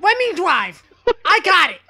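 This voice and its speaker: A man's voice: extremely high pitch, huge pitch swings, a little slow, pushed and bright. A young man mocking other players in game voice chat, sarcastic and condescending. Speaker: online gamer trolling other players.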